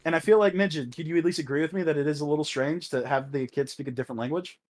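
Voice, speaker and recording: A man co-hosting a podcast, talking in a casual, animated way, swearing often and laughing a lot. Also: fairly high pitch, racing. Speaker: podcast co-host. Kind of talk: casual chat.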